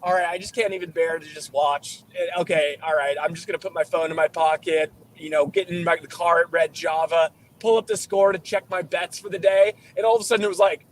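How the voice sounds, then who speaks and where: A man co-hosting a casual post-game chat, excitable and quick to laugh as he tells his story. His voice sits high for a man. Light background noise runs under it. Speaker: show co-host.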